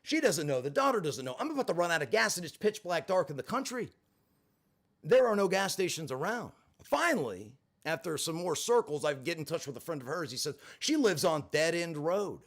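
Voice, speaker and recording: Animated livestream storyteller, male, somewhat high voice that swings widely in pitch; profane, acts out other people's voices. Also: fairly quick. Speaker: livestream host.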